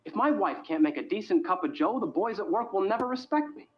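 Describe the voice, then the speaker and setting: A man's voice: sits high, lively intonation, fast, lo-fi sound. A man playing an anxious husband in a retro coffee commercial, with an earnest sitcom delivery. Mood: fretful. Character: anxious 1950s TV-ad husband fretting over coffee.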